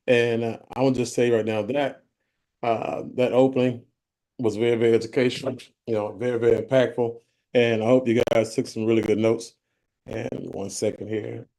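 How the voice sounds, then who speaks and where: A man's voice: lowish voice, vocal fry, warm tone. A man giving a conversational business presentation to a group, often checking in with his listeners. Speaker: company vice president presenting.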